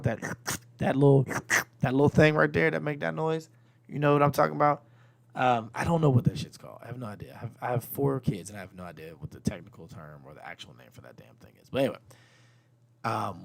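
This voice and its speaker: A man's voice: medium pitch, vocal fry. A man in his thirties hosting a podcast, telling candid, rambling stories about his kids with casual swearing. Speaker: podcast host. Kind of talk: comedic storytelling monologue.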